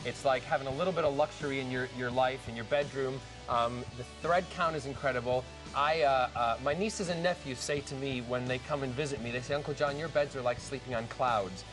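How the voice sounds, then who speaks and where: A man chats with bubbly enthusiasm as a guest on a shopping broadcast, mid-pitched and lively. He talks up products in a playful, joking way. Soft music runs faintly behind him. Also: fairly quick, few pauses. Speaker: celebrity guest on home shopping. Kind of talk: casual chat.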